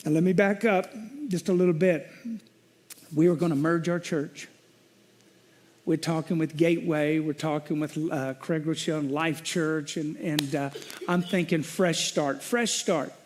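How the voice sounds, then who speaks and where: A middle-aged male pastor preaching a sermon, telling a personal story and shifting between loud venting and quiet reflection. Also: on the high side, fairly even intonation, normal speed.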